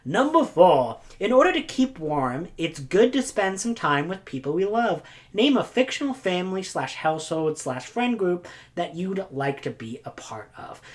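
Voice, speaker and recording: A woman chatting casually as a book vlogger, rambling with goofy asides, silly sound effects and lots of filler words. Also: deep voice. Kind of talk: casual chat.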